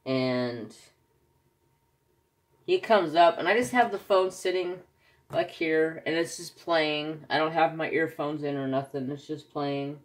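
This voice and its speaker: A man's voice: on the high side, measured pace. A man chatting casually in his craft vlog, telling anecdotes animatedly. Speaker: craft vlogger. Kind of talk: casual chat while crafting.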